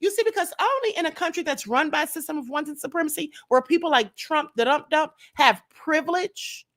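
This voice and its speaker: A high-pitched woman hosts a casual live stream and talks back at the news. She is sassy and quick to laugh, and she calls her viewers honey. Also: lively intonation, fairly bright tone.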